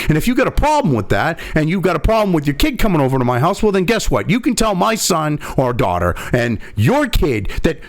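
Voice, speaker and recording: A man's voice: a little high, very animated, fairly quick, hardly any pauses. Furious profane man ranting. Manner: angry, profane, sneering rant. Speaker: commentator. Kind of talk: ranting commentary reading an article.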